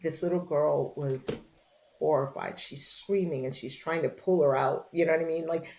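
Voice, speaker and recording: Low-voiced woman telling stories. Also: normal speed, a little hiss or hum, low-quality recording. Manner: animated storyteller, acts out quoted voices. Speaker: guest, journalist and author. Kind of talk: candid storytelling interview.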